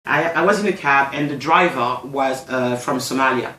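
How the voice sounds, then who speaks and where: A woman's voice: a bass voice, normal speed, sharp tone, roomy sound, a little hiss or hum. A woman from France with a French accent, talking in a casual discussion and often searching for her words. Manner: hesitant, searching for words, many restarts.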